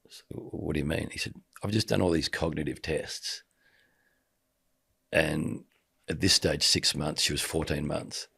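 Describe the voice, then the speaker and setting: This sports commentator, appearing as a podcast guest, speaks in a very deep, gravelly voice that is bright and forceful with a breathy edge, never hurrying. The middle-aged man shares a personal story casually, vividly performing each line of quoted dialogue.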